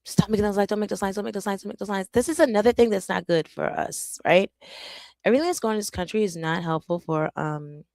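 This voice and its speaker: Gravelly-voiced joking woman streamer. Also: mid-range voice, quick pace, dry recording. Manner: animated, joking, self-interrupting. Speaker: content creator. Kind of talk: casual live-stream chat.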